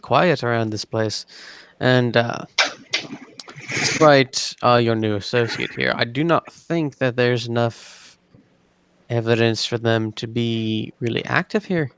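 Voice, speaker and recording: A man voicing a wary male underworld informant with a Northern Irish accent, talking in guarded, halting phrases during a tabletop game. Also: medium pitch, a bit bright, no echo. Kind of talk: tabletop game role-play.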